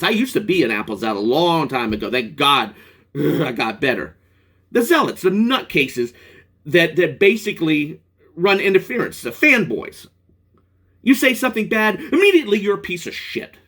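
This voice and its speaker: A man's voice: a little high, fairly bright tone, husky. A man in a profane, rambling vlog rant about a product, angry and restarting often. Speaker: product reviewer. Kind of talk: ranting vlog.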